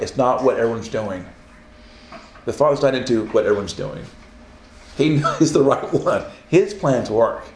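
Guy preaching casual-style, acts out voices, laughs a lot, middle pitch, echoey room. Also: a little hiss or hum. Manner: animated, acts out quoted voices, laughs often. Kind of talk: informal sermon teaching.

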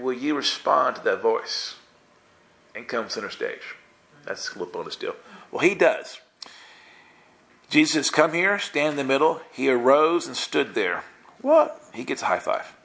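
A man giving casual, playful Bible teaching, acting out the characters in quick voices. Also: medium pitch, lively intonation, creaky, a bit bright.

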